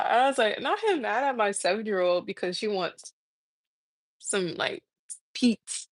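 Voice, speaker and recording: A woman's voice: mid-range voice, animated, unhurried, no echo. A young adult woman hosting a casual morning live stream from her kitchen, chatty and laughing as she tells stories while eating. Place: home kitchen. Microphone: phone mic.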